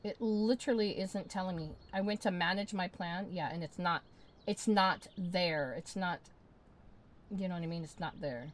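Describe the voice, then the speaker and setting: A woman's voice: fairly low pitch, steady tone, moderate pace. A woman game streamer in casual live-stream chat, ranting in exasperation, swearing and repeating herself.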